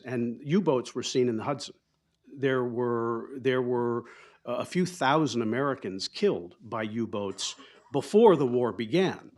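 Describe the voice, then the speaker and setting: A man giving an author's book talk at a bookstore, telling stories in a chatty, digressive way full of asides. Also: medium pitch. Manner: chatty, digressive, with frequent asides and quoted dialogue. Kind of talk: anecdotal storytelling to an audience. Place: bookstore event space.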